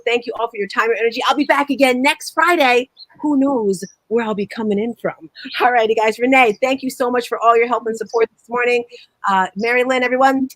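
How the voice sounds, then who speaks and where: A woman's voice: a little high, fairly bright tone, dry recording. A woman hosting a motivational call, effusive and bubbly as she welcomes callers. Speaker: host. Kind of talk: motivational live-call chat.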